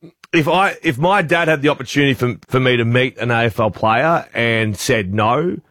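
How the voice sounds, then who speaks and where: A man's voice: medium pitch, normal speed, a bit bright, no echo, studio quality. Australian man telling a radio story. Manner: storytelling, acts out quotes. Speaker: radio breakfast host. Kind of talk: casual radio banter, anecdote. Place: radio studio. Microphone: studio mic.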